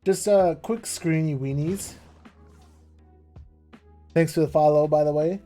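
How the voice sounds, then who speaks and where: A young American man chats loosely to his live-stream audience, rambling and filling gaps with "like" while poking fun at himself. His voice sits a little high for a man. Faint music plays under his talk. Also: steady tone, normal speed, warm tone. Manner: rambling, says "like" a lot, self-mocking. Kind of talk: casual live-stream chat.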